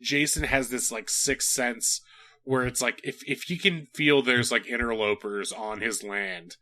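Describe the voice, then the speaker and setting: A man with a very bright, sharp voice hosting a comedy podcast. He rambles through a film review in loose, casual chat, piling up filler words. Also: medium pitch, a little slow. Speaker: podcast host.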